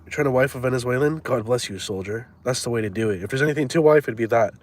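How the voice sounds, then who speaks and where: A man's voice: medium pitch, quick pace. Slangy young guy streaming. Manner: loose, crude slang-heavy banter. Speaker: live streamer. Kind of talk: casual chat.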